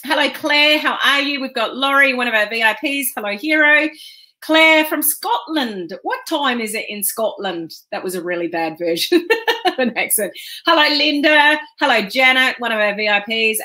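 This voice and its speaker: A woman coach chats casually on a live stream, rambling along with plenty of ums. Her voice sits a little high and rings out bright and forward. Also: normal speed. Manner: chatty and rambling, with frequent ums.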